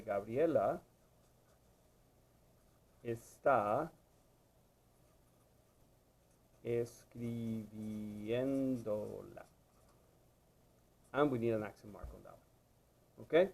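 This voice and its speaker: A man's voice: mid-range voice, fast talker, dark tone. Patient man teaching a video lesson. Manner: patient, repeats "okay?" to check understanding. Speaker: Spanish teacher.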